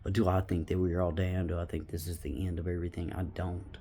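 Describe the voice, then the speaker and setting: A man's voice: low voice, little pitch movement, fast talker, warm tone, slight background noise. A man in his fifties giving a rambling spiritual monologue to his viewers, often dropping into an intense whisper. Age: 50s. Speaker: vlogger.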